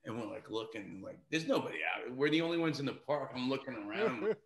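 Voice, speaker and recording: A man telling a rambling, excited, profane story as a guest on a podcast. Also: medium pitch, fast talker, gravelly. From New York City. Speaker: guest musician.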